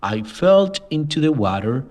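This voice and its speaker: A man reading a storybook aloud for young learners, slow and careful. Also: medium pitch, very animated, a little mellow. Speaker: reader.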